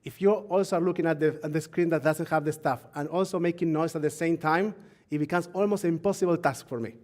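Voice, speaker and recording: A man leading a live-streamed Shabbat service, his voice sitting a little high. He teaches in a loose, talkative way, often laughing and asking the crew and congregation for attention. When he reads scripture, he slows down and lands on each phrase. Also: steady tone, darkish tone. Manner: reads scripture slowly and deliberately.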